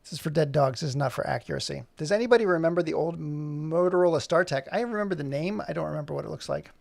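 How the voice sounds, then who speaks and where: A man in his forties talks casually on a livestream as he works on an animation. He jokes and rambles to himself, with a gravelly, fry-heavy voice that sits a bit higher than most men's. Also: quick pace, no echo. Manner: joking, rambling self-talk while working. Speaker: animator streaming live.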